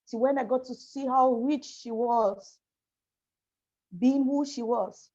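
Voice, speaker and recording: A woman speaking as a panel guest over a video call, halting and apologetic as she shares a painful personal story. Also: fairly high pitch, fairly even intonation, mellow. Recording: muffled lo-fi video call audio.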